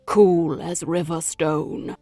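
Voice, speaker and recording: A woman voicing a frightened Victorian male spiritualist, speaking in an agitated, drawn-out way. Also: sits low, level tone, dark tone, no room sound, soft background music, heavily acted. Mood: fearful.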